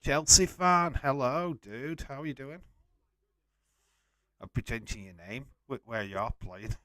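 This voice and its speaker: A man's voice: medium pitch, a little slow, bright, forceful tone, dry recording. A man hosting a live watch-along stream, chatting casually and bluntly, swearing and greeting viewers. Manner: blunt, swears freely, reads out viewer comments. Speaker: wrestling watch-along host.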